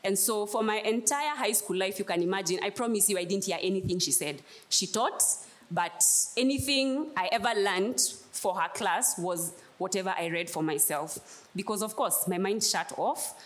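A woman delivers a sermon, weaving in a personal story. She speaks emphatically and comes back to her key phrases again and again. Her voice sits at an everyday middle pitch. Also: normal speed. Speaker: preacher.

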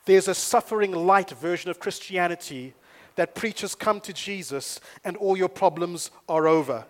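Male pastor, sermon delivery, lively storyteller, slightly high pitch, punches key lines loudly. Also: normal speed. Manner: energetic, storytelling, rising to loud emphasis. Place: church in Nairobi.

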